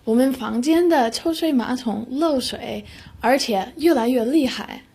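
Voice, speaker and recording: A woman's voice: sits high, a little slow, creaky, dark tone, husky, full character voice. A woman playing a hotel guest who politely but firmly raises complaints in a scripted learner dialogue. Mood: complaining.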